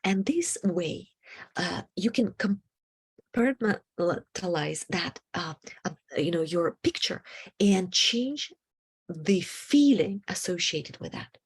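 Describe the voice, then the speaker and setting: A woman teaching a self-help lesson on handling emotions, her voice breathy and a little husky. She talks in a halting way, full of fillers, and often slips into a whisper mid-phrase. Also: on the low side, lively intonation. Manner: halting, many fillers, drops into whispered asides. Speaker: emotional wellbeing coach.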